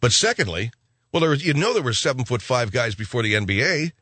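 A man hosting a talk radio show, rambling and sarcastic in a gruff, offhand way, on a studio microphone. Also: medium pitch, big pitch swings, fast talker, pushed and bright.

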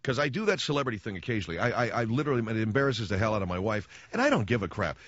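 A man's voice: on the low side, sing-song, racing, a bit bright, no echo, dull audio. Wry male radio talk host. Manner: wry, sarcastic storytelling with acted-out quotes. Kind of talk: casual radio monologue. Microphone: studio microphone.

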